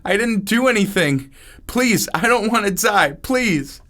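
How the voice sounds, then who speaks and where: A man's voice: high-pitched, big pitch swings, slow, vocal fry, fairly bright tone, pitched above the performer's own voice, exaggerated voice. A man voicing a young woman, frightened and close to tears. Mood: terrified. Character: young woman, scared and tearful.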